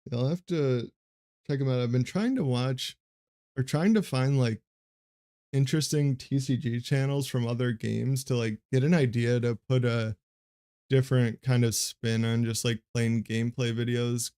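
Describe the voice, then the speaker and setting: Commentating on his own card game stream, a young man rambles casually through the play-by-play with plenty of fillers. He talks at normal speed in a flat monotone, his medium-pitched voice clear and resonant.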